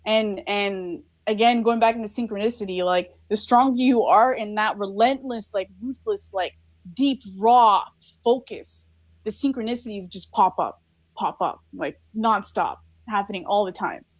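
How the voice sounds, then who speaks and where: A woman's voice: medium pitch, normal speed, no room sound. A woman speaking as a guest on a podcast, in an earnest, reflective casual conversation full of filler likes. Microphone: recorded over a live video call.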